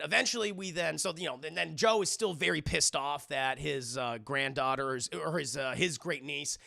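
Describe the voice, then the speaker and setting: A man rambling through a casual, profane movie recap with animated delivery. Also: fairly high pitch, moderate pace, creaky, hardly any pauses. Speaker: movie reviewer streaming live.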